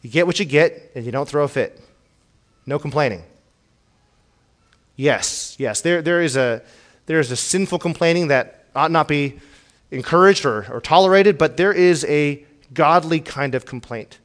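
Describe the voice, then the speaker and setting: A man's voice: fairly high pitch, moderate pace. A pastor giving a sermon in an earnest, searching way, his voice sitting a little above the usual for a man. He stumbles over and repeats small words as he gathers his thoughts, then presses hard when he reads the psalms aloud. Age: young adult or middle-aged, has children. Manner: earnest preaching, rising to pleading when reading scripture; repeats words as he restarts phrases.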